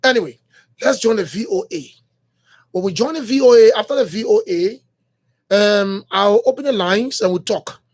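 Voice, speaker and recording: A man's voice: high voice, animated, moderate pace, darkish tone. A man with a Liberian accent hosting a morning radio talk show, rambling and repeating himself with many fillers as he thinks aloud. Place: radio studio.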